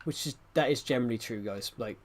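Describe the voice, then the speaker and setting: A man's voice: medium pitch, quick pace. A man chatting casually on a live stream, rambling and often restarting his sentences as he answers chat. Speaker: livestreamer reading chat.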